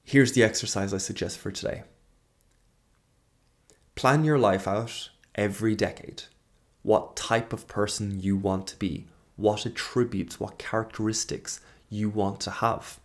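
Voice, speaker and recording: Host, thirties, male, low-pitched, reflective and searching, trails off mid-thought. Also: fairly even intonation, measured pace. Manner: earnest, searching, trails off and restarts. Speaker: podcast host. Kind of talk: reflective monologue.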